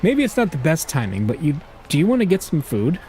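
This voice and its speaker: A man's voice: fairly high pitch, huge pitch swings, brisk, darkish tone, a little hiss or hum, pitched above the performer's own voice, poor audio. A man voicing an eager, protective young woman with an urgent, upbeat and raised delivery. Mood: coaxing.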